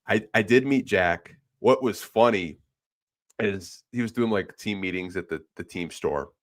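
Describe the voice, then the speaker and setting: A man's voice: lowish voice, unhurried. A man in his thirties hosting a podcast, telling chatty anecdotes and acting out what others said. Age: 30s. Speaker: podcast host. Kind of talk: casual chat.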